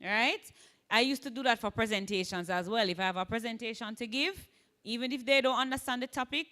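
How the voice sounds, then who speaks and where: Bright-voiced Jamaican woman teaching Spanish. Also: fairly high pitch. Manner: frequent "right?" checks, lively emphasis, models Spanish words slowly. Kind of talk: exam prep lecture.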